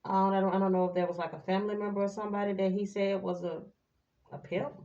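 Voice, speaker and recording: Speaking fast in a warm, medium-pitched voice with little pitch movement, this tarot reader gives viewers a casual, chatty, sassy reading and now and then sings snatches of song. The recording is reverberant and muffled, with a little hiss or hum.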